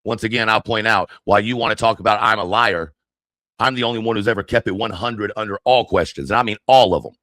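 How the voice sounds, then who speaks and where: A man's voice: fairly low pitch, quick pace, sharp tone, dry recording, clean studio sound. An angry man ranting on his livestream, heated, profane and confrontational.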